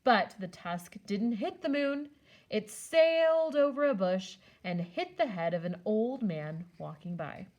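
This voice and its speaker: A woman on a school's staff reading a children's picture book aloud with expressive storytelling. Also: mid-range voice, measured pace.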